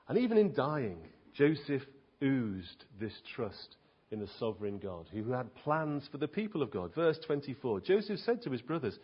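A man's voice: mid-range voice, breathy edge. A man preaching a sermon in an earnest, emphatic way, asking his listeners rhetorical questions. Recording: dull lo-fi recording.

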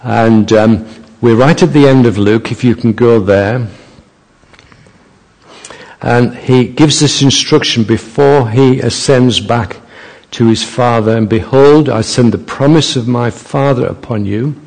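Slow, fervent male preacher in a hall. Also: medium pitch, a little mellow. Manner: slow, emphatic preaching that builds to fervent climaxes. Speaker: visiting preacher. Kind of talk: sermon. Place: church. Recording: reverberant church hall.

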